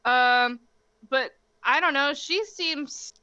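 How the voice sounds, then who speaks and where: Lively, bright-voiced young woman chatting. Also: high-pitched, slow pace, no room sound, lo-fi sound. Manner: animated, laughs often, many "like" fillers. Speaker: podcast co-host. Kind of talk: casual chat.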